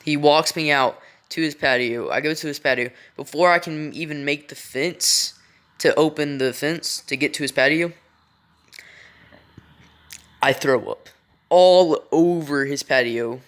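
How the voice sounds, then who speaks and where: A man's voice: fairly high pitch, unhurried, a bit bright, clean tone. A young man telling a story in a casual, rambling way, swearing often and stopping to restart his sentences. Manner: rambling, profane, full of fillers and restarts. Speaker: vlogger.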